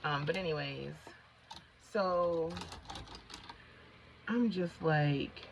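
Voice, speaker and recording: This middle-aged woman speaks very slowly in a low, creaky voice as she puts on makeup and chats with her viewers. A vlogger, she rambles, drifts off-topic mid-story, and casually addresses everyone as y'all. Slight background noise sits under a slightly dull, lo-fi recording.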